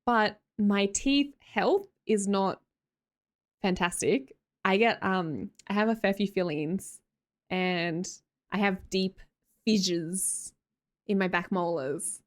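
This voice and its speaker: A woman's voice: mid-range voice, slow pace. A young Australian woman live streaming, chatting casually with her viewers and reading their messages aloud. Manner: chatty, laughs often, reads chat aloud.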